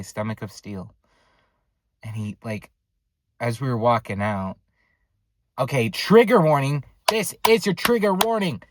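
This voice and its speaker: Young guy vlogging, rambly, lots of ums, middle pitch, dry close sound. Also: dry recording. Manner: rambling, lots of filler words, trails off quietly. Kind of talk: casual storytelling vlog. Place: dark room at home.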